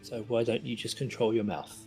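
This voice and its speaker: A man's voice: mid-range voice, steady tone, brisk, music in the background, close to an everyday voice. A man voicing a stern, commanding general who scolds a soldier.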